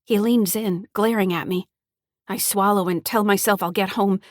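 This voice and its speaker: A frightened teenage girl tells her own story in a shaky, pleading voice, as a woman reads the audiobook. Her pitch sits in the middle and the sound is dry and close to the mic. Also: steady tone, moderate pace, no room sound, close to an everyday voice. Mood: tense. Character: frightened teenage granddaughter, first-person narrator. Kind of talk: audiobook narration.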